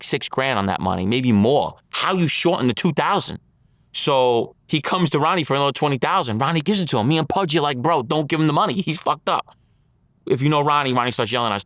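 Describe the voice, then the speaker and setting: A man's voice: medium pitch, fairly bright tone, clear, resonant tone, dry recording, clean studio sound. Blunt New man telling a story. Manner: blunt street talk, acts out others' lines in his story. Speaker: interview guest. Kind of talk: storytelling in an interview.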